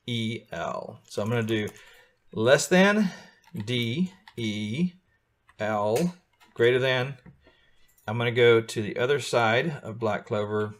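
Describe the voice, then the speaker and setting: A middle-aged man teaching beginners to code, walking through steps patiently and often checking that his students are keeping up. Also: medium pitch. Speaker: coding teacher. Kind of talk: live beginner coding lesson.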